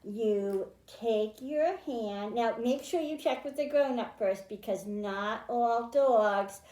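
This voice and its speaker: A woman with a fairly high, mellow voice hosts a children's storytime as a librarian. She reads aloud and explains slowly and clearly in an animated, sing-song manner, and the room sounds echoey.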